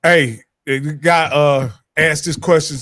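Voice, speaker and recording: Easygoing man hosting sports talk, slightly high voice, dry close sound. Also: fairly even intonation, slow pace, fairly bright tone, no room sound. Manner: easygoing, addresses viewers directly. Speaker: show host.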